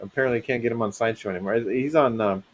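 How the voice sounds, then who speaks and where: An easygoing man chatting with friends about collectible figures, often pausing with fillers. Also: medium pitch. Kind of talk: casual group chat about collectibles.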